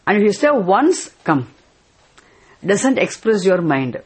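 A woman's voice: medium pitch, sing-song, slow, long pauses, a little hiss or hum. A woman teaching scripture, explaining a chanted verse word by word and patiently repeating key terms.

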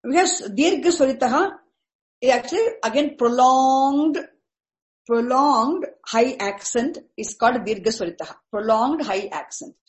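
High-pitched woman teaching Vedic chant. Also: lively intonation, poor audio. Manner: patient, repetitive, restarts words and spells out terms slowly. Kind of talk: explaining Vedic chanting accents to a class.

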